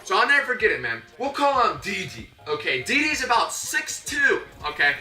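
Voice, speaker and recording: A young man telling a comedic story, animated and slangy, acting out his own voice and his coaches' voices. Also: high-pitched, moderate pace. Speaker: YouTuber. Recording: echoey room, a bit distant from the mic, faint music.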